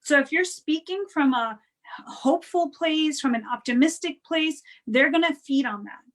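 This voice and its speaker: A woman with a high voice talks through her advice in a relaxed, chatty way. She keeps checking in with her listeners as she goes. Now and then she acts out other people's tones to make a point. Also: normal speed, poor audio. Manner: conversational, frequent "right?" and "you know" tags; acts out quoted voices to show tone. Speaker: guest speaker on parenting and wellness. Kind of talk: casual advice talk.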